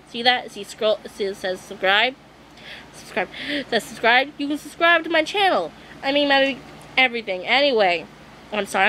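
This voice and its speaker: High-voiced young woman ranting to camera. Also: bright, forceful tone, slight background noise, poor audio. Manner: exasperated, swearing, apologetic. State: losing her voice. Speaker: vlogger. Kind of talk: ranting vlog monologue.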